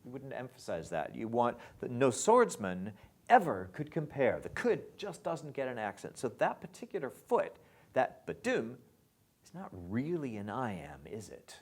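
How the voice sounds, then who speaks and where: A man teaching lyric writing in a recorded lesson, reading lines of verse aloud slowly and tapping out their stresses while he marks them up. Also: medium pitch, sing-song, a little mellow, slightly rough.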